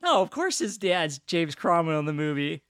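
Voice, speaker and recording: A man co-hosting a casual movie podcast, chatty and excitable, quick to laugh. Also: a little high, clear, resonant tone, no room sound, studio quality. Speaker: podcast co-host.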